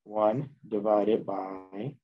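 A man teaching a chemistry class, working through math slowly out loud and correcting himself as he goes. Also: on the low side, fairly even intonation, lo-fi sound. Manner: slow, thinking aloud while working math at the board, self-correcting. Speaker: chemistry instructor. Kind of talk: classroom lecture.

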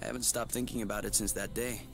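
A man voicing a gentle, reflective young partner. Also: fairly low pitch, steady tone, fast, over music, close to an everyday voice. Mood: tender. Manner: soft-spoken, reflective. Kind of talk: video game dialogue.

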